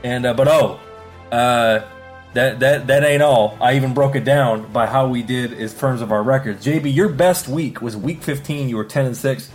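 A man's voice: mid-range voice, moderate pace, soft background music. A man co-hosting a casual sports podcast, hyping results and singing out "ding" for each correct pick. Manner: hypes announcements, sings out "ding" on picks. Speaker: podcast co-host.

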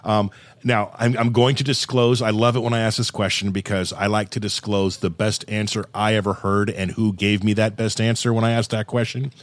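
A man hosting a podcast in a casual chat, firing off quick questions in an upbeat way. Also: lowish voice, little pitch movement, no echo. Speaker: podcast host.

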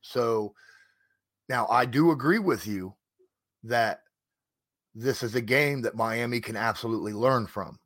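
A man's voice: medium pitch, a little slow, pauses often, fairly bright tone, dry recording, clean studio sound. A man hosting a casual sports talk show, leading the conversation and citing game stats. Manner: leads the talk, cites stats. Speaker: host.

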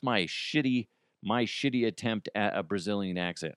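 A man's voice: fairly low pitch, moderate pace, fairly bright tone, clean tone, no echo, studio quality. A man in his thirties, a podcast host, telling stories in a casual, joking monologue and laughing often.

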